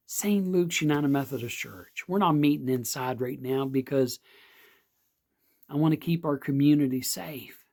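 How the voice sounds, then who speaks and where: Slow, earnest preaching man. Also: mid-range voice, a little mellow. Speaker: pastor. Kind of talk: devotional sermon. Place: outdoor or home setting, not in church.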